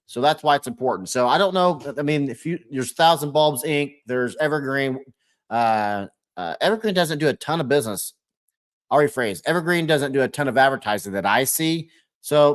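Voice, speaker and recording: Rambling man hosting a live stream. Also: medium pitch. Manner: rambling, thinks aloud and rephrases himself mid-sentence; reads viewer comments aloud and answers them by name. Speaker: live-stream host answering viewer questions. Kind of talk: casual live-stream chat.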